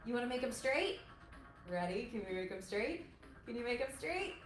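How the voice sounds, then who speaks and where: A woman's voice: fairly high pitch, big pitch swings, normal speed, faint music behind. A woman yoga instructor in her thirties, guiding a parent-and-child stretch class with upbeat, encouraging cues. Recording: echoey room with faint noise.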